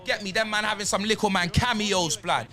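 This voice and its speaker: A man's voice: sits high, fairly even intonation, a little fast, bright, forceful tone, soft background music. A man giving exasperated football player ratings in a slangy fan rant, tagging lines with "fam" and "blood".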